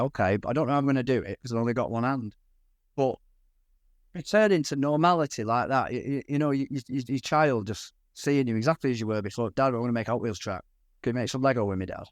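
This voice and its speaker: A man's voice: mid-range voice, dry recording, studio quality. A middle-aged man with a Cornish accent, a podcast guest candidly recounting events, often restarting sentences and quoting others. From England. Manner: candid, frequent restarts and quoted dialogue. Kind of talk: conversational storytelling.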